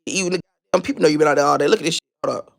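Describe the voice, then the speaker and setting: A man's voice: on the high side, rapid-fire, gravelly, noisy background. A man hosting a gossip channel, delivering a blunt, profane, mocking rant that loops back on its own phrases. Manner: repeats and restarts phrases while searching for a video. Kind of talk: ranting gossip commentary.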